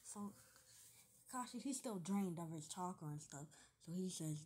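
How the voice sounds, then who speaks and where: A woman's voice: mid-range voice, animated, normal speed, warm tone, slight background noise. A woman casually retelling a fan story, rambling with lots of fillers and joking asides.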